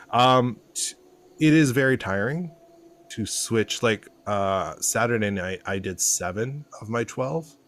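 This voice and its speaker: A man in his thirties, an actor co-hosting a podcast over a video call from home, talking fast and excitably in casual chat. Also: on the low side.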